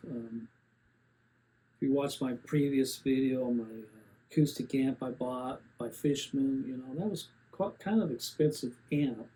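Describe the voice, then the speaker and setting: Plainspoken man in his seventies, mellow. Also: medium pitch, unhurried, low-quality recording. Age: 70s. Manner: plainspoken, rambling, many fillers and restarts. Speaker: gear reviewer. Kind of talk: casual rambling review.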